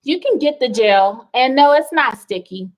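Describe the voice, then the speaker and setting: A woman's voice: sits high, expressive, moderate pace, rough recording. A middle-aged woman hosting a wellness livestream, chatting casually and reading out viewer comments with rambling asides.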